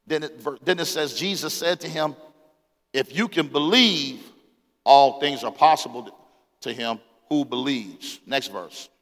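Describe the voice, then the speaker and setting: A man in his forties preaching a sermon as pastor, calling out to the congregation, swinging between loud exclamations and quiet scripture reading. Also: mid-range voice, measured pace. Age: 40s. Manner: call-and-response preaching, rises to shouts, reads scripture aloud. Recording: long hall reverb.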